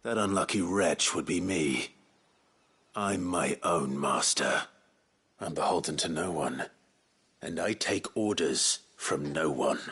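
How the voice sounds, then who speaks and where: Grim, deep-voiced Clive. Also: male voice, slow pace, a bit bright, heavily acted. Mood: defiant. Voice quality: deep, gruff, restrained. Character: grim, stern young man, a branded warrior. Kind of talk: video game voice acting.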